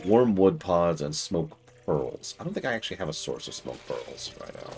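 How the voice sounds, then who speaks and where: A low-pitched man narrates his gameplay live, his voice leaping all over the place as he berates the little characters on screen. He jumps from sudden shouted demands to quiet grumbling under his breath. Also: big pitch swings, moderate pace, soft background music. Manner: exasperated, scolding the game's characters aloud; swings from loud outbursts to muttering. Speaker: streamer.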